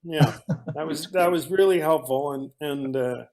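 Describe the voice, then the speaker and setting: A man with a notably high voice spins lively anecdotes as a guest, circling back and restarting mid-thought. He sounds loose and conversational, and his stories keep tumbling forward. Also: measured pace. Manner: animated storyteller, frequent restarts. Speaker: actor guest. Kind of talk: casual storytelling in a conversation.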